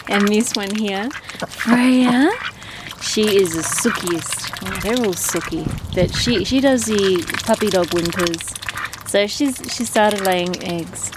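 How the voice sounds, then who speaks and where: A chatty woman rambles along with a slow, unhurried pace, breaking into giggles and fillers. She talks outdoors, and her voice sits over loud quacking ducks and constant noise. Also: mid-range voice. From Australia. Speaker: vlogger. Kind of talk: casual vlog talking to her ducks. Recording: noisy outdoor recording with ducks. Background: loud duck quacking.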